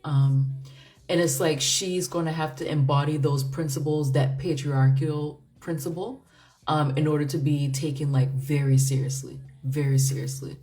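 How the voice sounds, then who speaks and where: A woman's voice: low-pitched, fairly even intonation, normal speed, dark tone. A woman doing a casual tarot reading, musing aloud in a chatty way with frequent fillers and laughs. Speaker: tarot reader.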